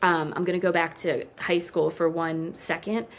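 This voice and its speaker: A woman's voice: lowish voice, normal speed. A woman in her thirties, a podcast guest, telling a heartfelt story and acting out what people said. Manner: emotional, animated storyteller who acts out quoted dialogue. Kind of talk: interview storytelling.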